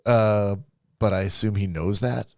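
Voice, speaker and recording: A man co-hosting a casual podcast, telling stories in an animated way that stumbles over its starts. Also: lowish voice, unhurried, no room sound, clean studio sound. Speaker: podcast co-host. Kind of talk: casual chat.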